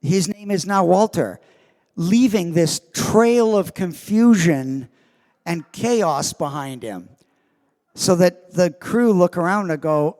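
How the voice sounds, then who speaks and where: Convention guest actor, slow and fairly high-voiced, amused storyteller, long hall reverb. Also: male voice. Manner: animated, self-amused storytelling. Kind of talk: anecdote on a convention stage.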